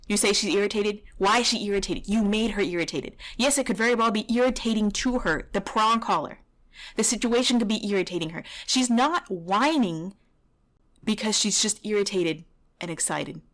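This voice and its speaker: A woman's voice: mid-range voice, a bit bright. A woman dog trainer giving blunt, heated reaction commentary over a video, swearing at times.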